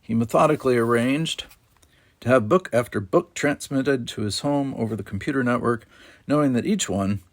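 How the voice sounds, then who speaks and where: This is an audiobook: a man with a mid-range voice reads from a novel, his narration measured and steady.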